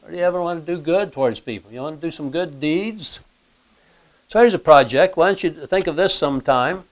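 Man preaching with a smooth, clear voice. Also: fairly high pitch, a little fast. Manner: plain conversational preaching, frequent throat-clearing and fillers; asks the listeners rhetorical questions. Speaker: pastor. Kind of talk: sermon.

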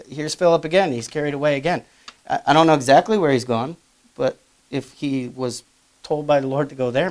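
A man preaching a sermon, reading old-style Bible verses aloud with loud emphatic rises and quieter asides. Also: medium pitch.

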